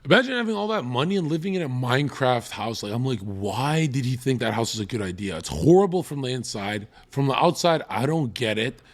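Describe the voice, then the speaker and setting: A man's voice: mid-range voice, animated, brisk, few pauses. A man streaming, chatting casually with crude, laughing, rambling banter.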